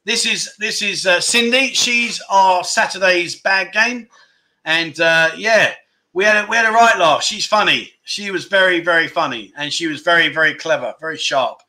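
A middle-aged man hosting a relaxed livestream chat, rambling and self-deprecating as he answers viewers. His voice is very bright and sharp and sits a little high for a man. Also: normal speed. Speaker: livestream chat show host. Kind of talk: casual livestream chat reading viewer comments.

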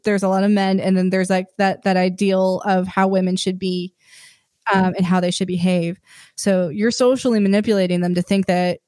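A woman's voice: medium pitch, a little mellow, no echo. Candid young woman, dry close sound. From Northern California. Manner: candid, swears freely, many fillers and restarts. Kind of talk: casual podcast chat.

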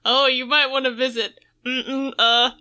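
A woman co-hosting a casual chat, retelling a comic's scenes with quick voiced quotes, laughing often and swearing casually. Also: high-pitched, flat delivery, pushed and bright, smooth. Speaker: podcast co-host.

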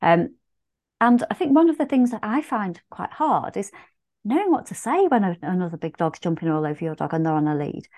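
A woman's voice: mid-range voice, animated, a little fast, a little mellow. A woman hosting a podcast interview, chatting casually and asking questions with frequent fillers. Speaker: podcast host.

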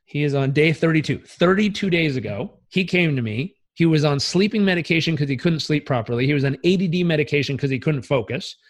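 A man coaching as a podcast guest, telling stories in an energetic, emphatic and casually profane way. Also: on the high side, fairly quick, few pauses. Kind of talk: podcast interview storytelling.

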